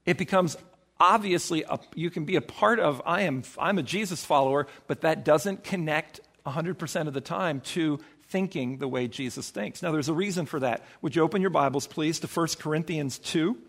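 A man preaching a sermon as pastor, emphatic, acting out quoted voices with sudden swings in pitch. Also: normal speed, fairly bright tone.

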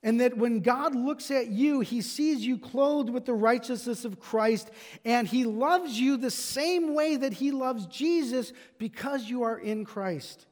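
A male pastor with a strikingly high voice delivers an emphatic sermon, pressing his point with repeated rhetorical questions. His voice rings with the long reverb of a large church hall. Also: measured pace, a little mellow.

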